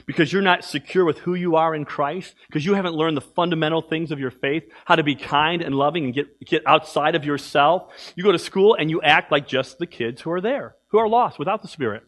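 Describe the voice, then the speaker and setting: A pastor preaches emphatically in a church, with a high, bright and forceful voice. He swings between loud exhortation and hushed asides. His delivery stays direct and driving. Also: fairly quick, hardly any pauses. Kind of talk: sermon.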